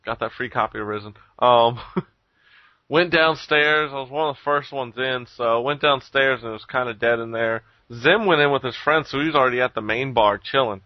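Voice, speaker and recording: Male co-host, casual storyteller who swears and mimics others, mid-pitched, dry close mic, lo-fi sound. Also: normal speed, no echo. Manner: animated storytelling, swears a lot, acts out quotes. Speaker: podcast co-host. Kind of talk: casual chat. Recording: dull lo-fi recording.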